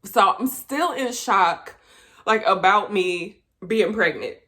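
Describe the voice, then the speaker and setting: A woman's voice: medium pitch, slow. Chatty woman telling a personal story. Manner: chatty, animated when quoting, laughs often. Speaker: vlogger. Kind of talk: casual storytelling to camera.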